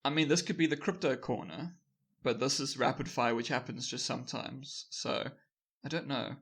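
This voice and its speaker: A man co-hosting a casual podcast, reading out news items in a loose, rambling way. His voice sits at an ordinary middle pitch, and he laughs easily as he goes. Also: normal speed, fairly bright tone, husky. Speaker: podcast co-host.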